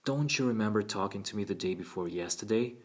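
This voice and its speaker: Man voicing a patient woman therapist, gentle and probing, only lightly lifted from a low voice. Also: fast, lightly acted. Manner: gentle, questioning.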